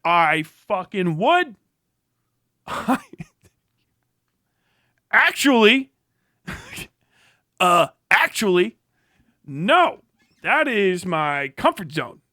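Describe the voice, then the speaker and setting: A man's voice: extremely high pitch, sing-song, drawn-out words, long pauses, sharp tone, no echo, studio quality. A man in his thirties hosting a livestream, ranting angrily and profanely with insults and bursts of laughter. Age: 30s. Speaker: livestream host. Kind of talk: angry livestream rant.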